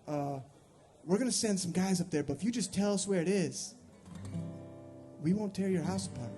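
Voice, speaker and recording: A man's voice: high voice, lively intonation, normal speed, dark tone. A man, a singer-songwriter, telling a long, rambling, profane and self-mocking story to a live audience before his song. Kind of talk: live storytelling between songs. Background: guitar playing.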